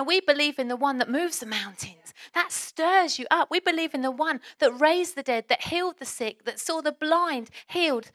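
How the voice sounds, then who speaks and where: A woman's voice: sits high, a bit bright, no echo, clean studio sound. A woman preaching a sermon as a pastor, earnest and exhorting, firing off rhetorical questions.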